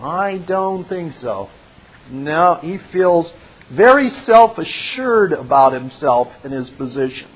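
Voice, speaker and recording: A man's voice: fairly high pitch, expressive, slow, lo-fi sound. A man retelling and commenting on a film scene step by step, adding his own asides.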